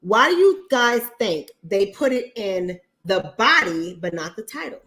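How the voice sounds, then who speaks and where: A woman's voice: medium pitch, big pitch swings, measured pace, a bit bright. A woman hosting a casual livestream chat, talking bluntly to her viewers with frequent profanity and repeating points for emphasis. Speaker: online talk show host.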